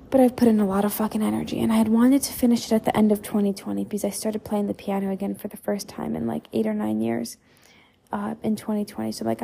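A woman's voice: a little high, vocal fry, warm tone, slight background noise. A woman hosting a podcast, delivering a blunt motivational monologue full of swearing and emphatic repetition. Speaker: podcast host and mindset coach.

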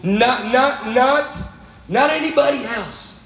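A man preaching a sermon, animated, swinging from low asides to high, exclaiming bursts. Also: takes it slowly, echoey room, lo-fi sound.

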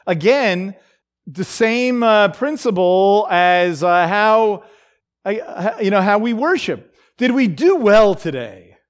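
A man's voice: high-pitched, lively intonation, slow pace. A man preaching a devotional in a conversational way, with many fillers and frequent check-ins like "okay?" and "right?". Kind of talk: devotional teaching.

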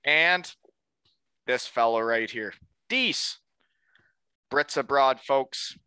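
A man's voice: medium pitch, slow pace, sharp tone, clean tone, dry recording. A man hosting a podcast in casual chat, easygoing, laughing often and tagging points with "right?". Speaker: podcast host.

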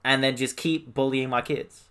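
Man, casual co-host, quick reactive quips. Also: mid-range voice, fairly even intonation, a bit bright, smooth. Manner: reactive, joking asides. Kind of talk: casual chat.

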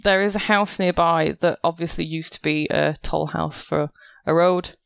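A woman's voice: sits low, steady tone, normal speed, creaky, clear, resonant tone, no room sound, studio quality. A woman narrating a tabletop game as game master, wry and playful.

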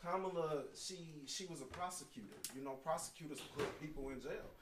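Opinionated dude ranting on a podcast, echoey room, people chiming in. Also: male voice, fairly high pitch, a little fast, crowd noise. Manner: heated, opinionated. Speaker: podcast co-host. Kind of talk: casual chat.

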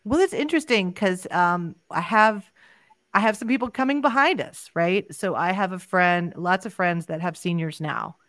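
A woman's voice: lowish voice, normal speed, fairly bright tone, dry recording. A middle-aged woman hosting a podcast, chatting casually and rambling with many restarts. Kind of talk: casual chat.

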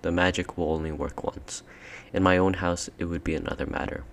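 A man's voice: low voice, fairly even intonation, fairly quick, gravelly, slight background noise. A man reading an audiobook, voicing a regal queen who coaxes and commands. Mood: coaxing. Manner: sweet-talking, persuasive, commanding. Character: cold, coaxing queen, tall and regal. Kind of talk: audiobook character voice.

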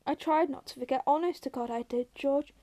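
A woman voicing a huge, slow, gentle man who talks softly and pleads like a child, raising her voice higher for him. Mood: pleading.

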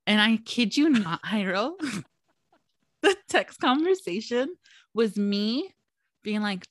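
A young woman co-hosting a casual chat podcast, telling stories in an animated way, acting out quotes and swearing freely. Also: a little high, slow pace, pauses often, no echo, clean studio sound. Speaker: podcast co-host.

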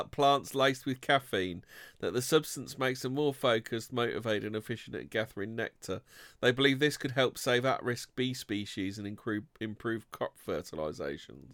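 Bright, dry man reading news bits. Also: mid-range voice, normal speed, no room sound. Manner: reads odd news items aloud with dry asides. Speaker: co-host. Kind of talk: casual chat, reading news snippets.

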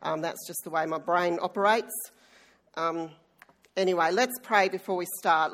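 A woman's voice: lowish voice, moderate pace, a bit bright. A middle-aged woman, a church elder preaching a sermon in a chatty, self-deprecating way with frequent ums, recovering from an illness. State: recovering from illness, may cough. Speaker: church elder and worship leader.

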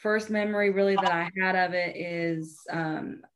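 A woman's voice: on the low side, fairly even intonation, normal speed. A woman in her twenties, a professional wrestler, answering interview questions in a matter-of-fact way. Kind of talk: casual interview chat.

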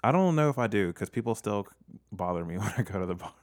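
Podcast co-host, young man, very low voice, unsure and self-mocking, trails off mid-thought. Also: animated, fast talker. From Southern United States. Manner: hesitant, self-deprecating, trails off a lot. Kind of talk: casual chat.

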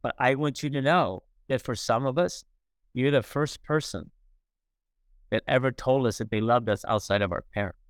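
A middle-aged man talks as a podcast guest, earnest and warm, playing out every quoted line as he tells his story. His voice is smooth and resonant. The sound is dry, close to the mic. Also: medium pitch, moderate pace, no echo. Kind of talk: conversational storytelling.

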